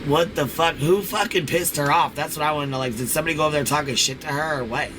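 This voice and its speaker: A man co-hosting a live stream, reacting in an excitable way with lots of swearing and laughs. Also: on the high side, fast talker, background noise. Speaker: co-host.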